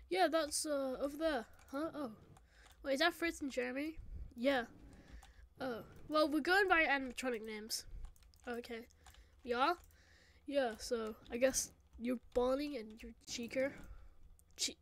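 A woman doing casual voice acting for a game machinima. She is excitable, jumps between shouting and mumbling, and talks haltingly with many restarts. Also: sits high.

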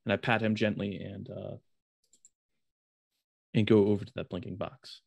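Man who is a tabletop player, gravelly and lowish voice, hesitant in character. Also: little pitch movement, moderate pace, darkish tone. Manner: hesitant, with restarts while in character. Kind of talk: playing a character in a tabletop game.

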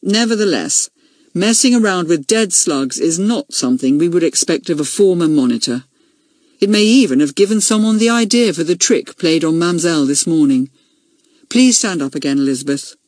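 A woman voicing a schoolboy who chairs a school meeting, firm and measured. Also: on the low side, lively intonation, darkish tone, no room sound, studio quality. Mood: stern.

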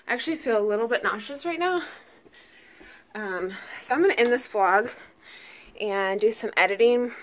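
A woman vlogger talking casually through her day, chatty and rambling, sounding tired and fatigued. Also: a little high. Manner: rambling, chatty, plain-spoken. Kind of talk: casual daily vlog chat.

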